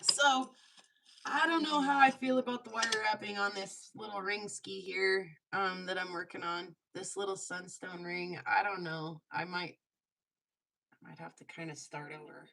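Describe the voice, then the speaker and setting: This jewelry-making livestream host talks chattily while crafting, often laughing and tossing in self-mocking asides. Her medium-pitched voice keeps a steady tone and moderate pace, sounding creaky, pushed and bright. The recording is low quality.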